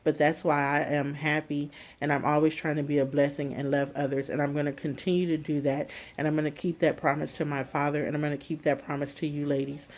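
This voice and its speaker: A vlogger speaking straight to viewers in a steady, flat tone, close to tears. The talk comes haltingly, with many pauses and fillers. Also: mid-range voice. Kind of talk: personal story told to viewers.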